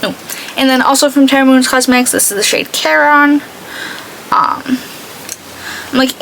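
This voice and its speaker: A woman's voice: high voice, flat delivery, unhurried, pauses often, a bit bright, slight background noise, rough recording. A young woman chatting casually while doing her makeup, rambling and full of "like". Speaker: beauty vlogger.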